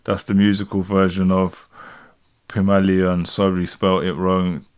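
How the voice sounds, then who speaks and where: A man's voice: low-pitched, level tone, measured pace, smooth. A man in his thirties with a London accent, chatting casually on a livestream and reading out comments, rambling with fillers and frequent laughs. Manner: rambling, laid-back, laughs often, many fillers and restarts. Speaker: rapper and livestream host.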